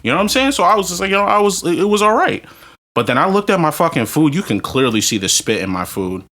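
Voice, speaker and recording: A man, drunk and telling crude stories on a podcast, ranting loudly with profanity and bursts of laughter. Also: a little high, big pitch swings, quick pace. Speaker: podcast co-host. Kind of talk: crude storytelling banter.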